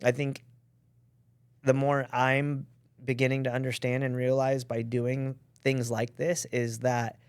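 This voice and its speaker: A man's voice: medium pitch, flat delivery, measured pace, clear, resonant tone, no room sound. A man co-hosting a podcast, speaking in an earnest, reflective way with casual slang. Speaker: podcast co-host. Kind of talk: casual chat.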